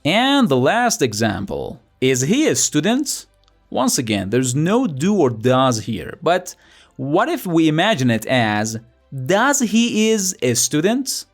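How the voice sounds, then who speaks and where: A man's voice: medium pitch, huge pitch swings, unhurried, soft background music. A young man teaching a language lesson in a playful, chatty way, asking rhetorical questions. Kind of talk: scripted lesson narration.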